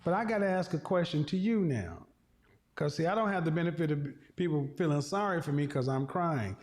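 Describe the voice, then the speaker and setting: A man's voice: fairly high pitch, a little fast, darkish tone. A man hosting an advice show, lecturing a caller bluntly and with profanity. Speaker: relationship talk show host.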